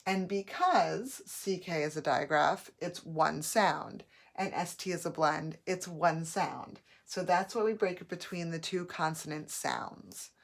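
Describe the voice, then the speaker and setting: A woman teacher giving a patient phonics lesson, modeling each word slowly and clearly. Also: lowish voice. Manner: slow, patient, drawn-out modeling of words.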